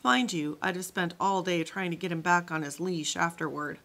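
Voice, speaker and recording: A woman's voice: fairly low pitch, moderate pace, a bit bright. Wistful, sighing storybook teacher, plain voice, read by a woman. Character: wistful adult male camp teacher.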